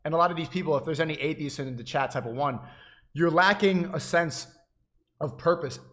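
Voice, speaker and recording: A man streaming live and lecturing his chat in a preachy, insistent way. His voice sits a little higher than most men's. He keeps circling back, repeating and restarting phrases as he pushes his point. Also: a little fast, a bit bright. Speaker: livestreamer addressing chat. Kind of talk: livestream monologue.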